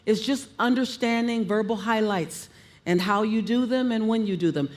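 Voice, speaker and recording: A woman coaching on public speaking, emphatic and animated, telling listeners what to write down. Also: a little high, normal speed. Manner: emphatic, animated, gives instructions.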